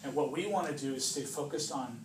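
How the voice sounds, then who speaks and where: In a roomy, distant recording with background noise, a man preaches an informal sermon to a small gathering. He's chatty, cracks jokes, acts out voices, and often asks "right?", speaking briskly at a medium pitch.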